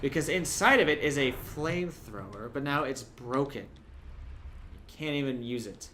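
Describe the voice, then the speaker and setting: A young man commentating a video game playthrough, chatty and jokey, with sudden loud yelps. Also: mid-range voice, animated, measured pace, slight background noise. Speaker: gameplay commentator. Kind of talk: let's play commentary.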